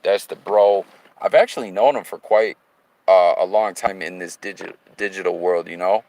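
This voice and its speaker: This livestream host talks from his car while driving, reading viewer comments aloud and chatting loosely in slang, with sudden bursts of hype. His voice is deep and darkish and moves at a moderate pace. There's no echo, but the recording is low quality.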